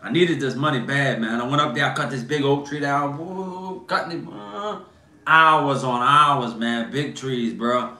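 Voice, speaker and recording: Bright-voiced man telling stories. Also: mid-range voice, unhurried, soft background music. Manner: animated, slangy storyteller, lots of "bro" and "man". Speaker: host. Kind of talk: casual storytelling livestream. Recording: echoey room.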